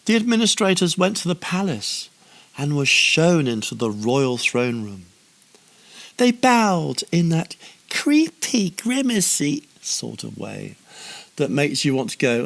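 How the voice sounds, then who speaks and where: Slow, gravelly, wry storytelling man. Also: mid-range voice, very animated, a bit bright. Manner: playful, wry asides. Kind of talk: humorous storybook narration.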